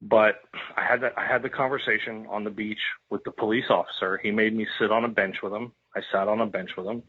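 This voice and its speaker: Fast and slightly rough, this man's lowish voice keeps fairly even intonation as he shares a raw personal story on a podcast. He's emotional, says things over and over, and swears freely over a tinny phone-like line.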